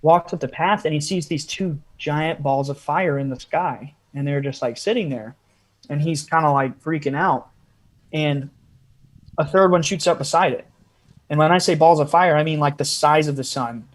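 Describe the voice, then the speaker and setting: A man's voice: fairly high pitch, moderate pace. A man, a podcast guest, telling a long story in a casual interview style with frequent asides.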